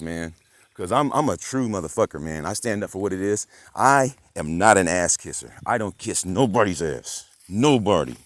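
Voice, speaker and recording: Low-voiced man on a profane rant. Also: dry recording. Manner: profane, ranting, swings from mutter to loud outbursts. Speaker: vlogger. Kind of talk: rambling monologue.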